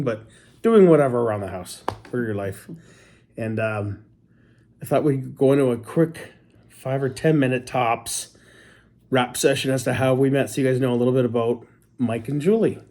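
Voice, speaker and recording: A man from Canada co-hosting a casual chat with his wife, talking fast, joking and teasing himself. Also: medium pitch, dark tone. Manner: chatty, joking, self-deprecating. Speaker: co-host.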